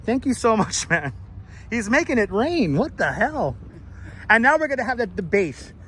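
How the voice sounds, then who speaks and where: Male street live-streamer, high voice, loose and profane, clip-on mic outdoors. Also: sing-song, normal speed, fairly bright tone, slight background noise. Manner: loose, chatty, swears, laughs often. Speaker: live-stream host and tour guide. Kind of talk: casual live-stream chat. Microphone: wireless clip-on mic.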